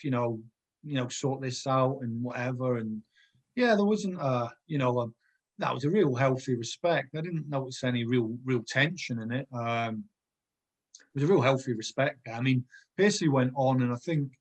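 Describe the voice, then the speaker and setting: Husky middle-aged man telling stories. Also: mid-range voice, moderate pace. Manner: rambling anecdotal storytelling, many restarts. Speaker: guest, former footballer. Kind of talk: casual podcast chat.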